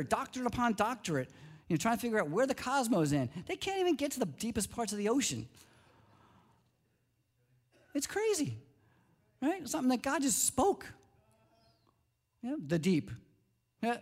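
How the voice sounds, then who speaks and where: A middle-aged male pastor delivers a conversational sermon with a slightly raised pitch. He speaks animatedly, and his voice climbs steeply when he is amazed. He often checks in with his listeners. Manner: animated, rising to high excited pitch when marveling.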